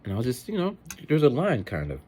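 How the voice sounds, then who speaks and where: A man who teaches, chatting in a rambling, animated way in a casual vlog. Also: medium pitch, fairly quick, slightly rough.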